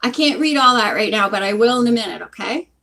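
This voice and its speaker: A woman's voice: on the high side, expressive, fast, gravelly, sharp tone, low-quality recording. A woman reading a book aloud and chatting in between, rambling and interrupting herself, recorded on a phone in a hot room. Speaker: reader.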